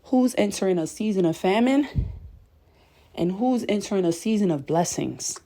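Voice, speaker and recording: Late at night indoors at home, a spiritual content creator delivers an impassioned, preachy message, a little breathless as she paces. Her voice is medium in pitch and dark in tone, with lively intonation at a normal pace. She keeps turning emphatically to her viewers with "y'all" and "okay?"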